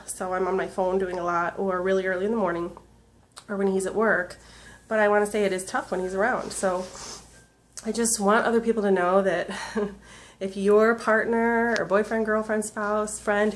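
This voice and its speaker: A woman in her thirties, tearful, talking earnestly and haltingly in a personal video diary full of fillers. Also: medium pitch, a little hiss or hum. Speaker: vlogger.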